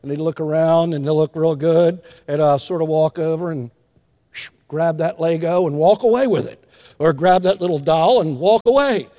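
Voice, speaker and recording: Older man, pastor's sermon, high voice, long reverberating hall. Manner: animated preacher, acting out scenes with hushed asides and drawn-out emphasis.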